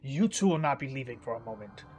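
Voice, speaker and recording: A man's voice: mid-range voice, expressive, fast talker, a little mellow, a little hiss or hum, lightly acted. A man voicing a proud king who is disgusted and commanding, giving clipped orders in a tabletop game. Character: proud, fuming king, easily repulsed.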